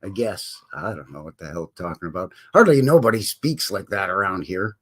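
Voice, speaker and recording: A man's voice: deep voice, animated, fairly quick. Folksy Canadian man hosting a live stream. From Alberta, Canada. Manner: rambling, folksy, greets viewers by name. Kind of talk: casual live-stream chat.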